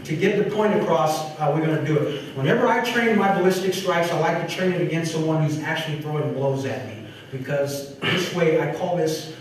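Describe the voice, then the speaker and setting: A man teaching a martial arts seminar, animated, talking while he demonstrates moves. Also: fairly high pitch, fairly quick, slight background noise. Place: large echoey training hall. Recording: echoey hall recorded from far off.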